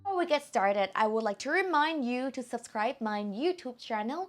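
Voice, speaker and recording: A woman with a Thai accent teaching an online language lesson, speaking slowly and carefully and repeating words to model their tones. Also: high-pitched, lively intonation, faint music behind.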